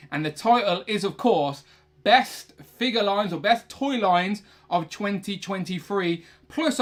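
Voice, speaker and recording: A young man hosting a casual toy collecting livestream from his room, chatty and rambling, often correcting himself. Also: high-pitched. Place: his own room, indoors.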